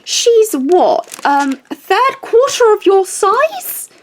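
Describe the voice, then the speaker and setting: A man's voice: extremely high pitch, sing-song, slow pace, pitched above the performer's own voice, heavily acted. A woman voicing an elderly man who scolds a bully for picking on a young worker. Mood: indignant. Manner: indignant, protective.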